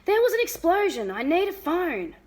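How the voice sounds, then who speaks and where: Woman playing a storybook dad, frantic, shrill, high-pitched, lively up-and-down delivery. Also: moderate pace, full character voice. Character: panicked middle-aged dad, frantic and red-faced.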